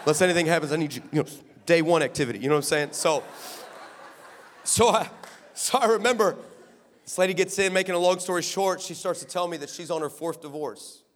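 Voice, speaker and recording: A man from Texas preaching an energetic, comedic sermon, telling stories with voices and sudden shouts. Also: on the high side, fairly quick, a little hiss or hum. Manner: animated storytelling with voices and shouts. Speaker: guest preacher. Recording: echoey hall with long reverb.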